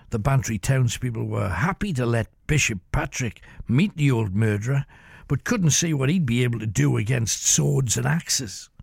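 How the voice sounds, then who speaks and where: A man telling a grisly tale in a measured, dramatic storytelling manner as the show's host. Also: medium pitch, gravelly, a little mellow, breathy edge, no echo, studio quality.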